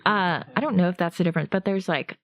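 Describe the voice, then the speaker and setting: A woman's voice: fairly low pitch, fast talker, no echo, highs cut off. A young woman, a stand-up comedian, chatting as a podcast guest with dry, offhand jokes. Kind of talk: casual comedy podcast chat.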